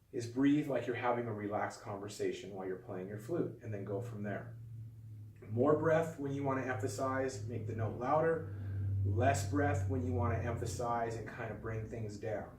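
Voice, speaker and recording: Calm man teaching in an echoey room. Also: medium pitch, recorded from a distance, a little hiss or hum. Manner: calm, patient, demonstrative explaining. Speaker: flute teacher. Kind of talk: instructional video lesson. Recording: echoey room, voice a bit off-mic.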